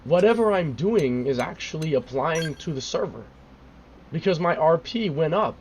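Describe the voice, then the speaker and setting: A man's voice: a little high, lively intonation, moderate pace, a little mellow, slight background noise. A young man streaming a game live, baffled and swearing, repeating himself, his voice cracking and cutting out.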